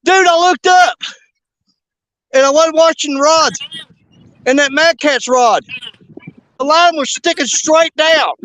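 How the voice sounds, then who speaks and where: An excitable man with a very high voice, rambling breathlessly while fishing outdoors. He laughs between sentences and tells his story at a tumbling pace. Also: takes it slowly, long pauses, no room sound. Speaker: fishing show host. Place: outdoors by a river.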